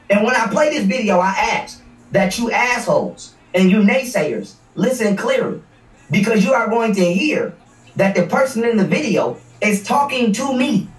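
A man hosting a livestream, ranting in a combative, profane way and repeating words as he hammers his points. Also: sits high. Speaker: livestream host. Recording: echoey room, distant mic.

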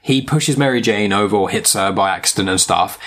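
A man co-hosting a podcast who chats casually about a film, talking quickly and restarting his sentences as he argues. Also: lowish voice, a bit bright. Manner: quick, rambling, restarts mid-thought. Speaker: podcast co-host. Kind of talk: casual film review chat.

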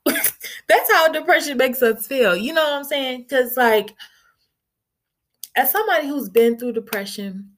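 Brief: young woman, slightly high voice, candid and earnest vlog talk, loose and conversational. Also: unhurried, long pauses, a bit bright. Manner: earnest, conversational, frequent filler phrases. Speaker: vlogger.

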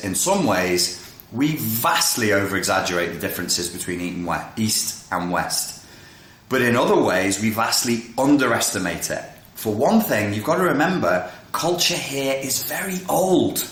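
A man excitedly explaining a philosophy idea in casual video talk, often cutting himself off to reel himself back in. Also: medium pitch. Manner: excitable, self-interrupting, jumps between tangents. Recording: roomy echo.

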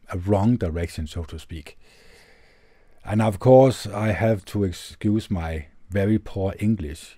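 Danish accent guy reading a book out loud, low mellow voice, super dry close mic. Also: dry recording. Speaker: channel host reading a self-help book. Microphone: tube studio microphone.

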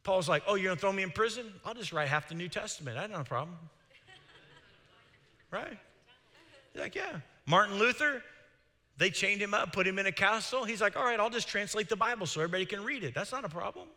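Excitable high-voiced man preaching. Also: quick pace, long reverb tail. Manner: excitable, gets loud when fired up. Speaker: pastor. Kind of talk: sermon. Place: church sanctuary.

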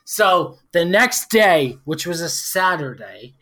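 A man in his forties, a few drinks in, spins a story as a podcast guest, swearing freely and leaning on fillers. His pitch leaps around a lot. His tone is bright and edged. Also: slow. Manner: profane, animated storytelling with lots of fillers. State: tipsy from drinking. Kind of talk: casual storytelling.

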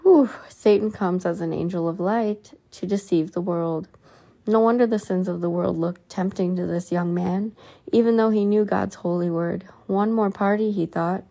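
A woman reading a religious book aloud in an earnest tone, adding soft asides of her own. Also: lowish voice, fairly even intonation, normal speed, creaky.

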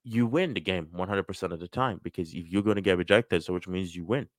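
A middle-aged man giving a casual motivational talk on sales and business, lively and acting out quoted voices. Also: low-pitched, fast, no echo. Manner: animated, acts out quoted voices.

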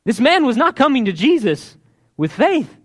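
A man preaching a sermon, retelling a Bible story and acting out the characters' pleas, dropping to a hush and then rising loud. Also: very high voice, normal speed. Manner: animated, acts out quoted pleas in hushed then loud voices.

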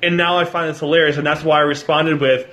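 A man co-hosting a casual chat, animated and laughing, swearing freely and restarting his sentences. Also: on the high side, fast. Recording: echoey room.

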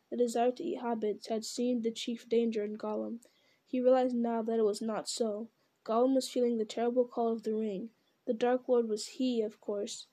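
A woman reading a fantasy story aloud in a measured, steady way. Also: on the high side. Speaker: reader. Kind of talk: storybook narration.

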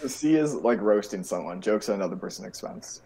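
A man's voice: on the low side, animated, a little fast, darkish tone, a little hiss or hum, rough recording. A man with an American accent co-hosting a podcast, dryly reading out word definitions for a game. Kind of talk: casual chat.

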